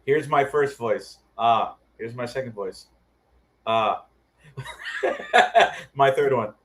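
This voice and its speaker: A man chats as a guest in a relaxed conversation. He has a mid-range voice, and his talk is playful and full of laughter. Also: mid-range voice, slow pace, a little hiss or hum. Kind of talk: casual chat.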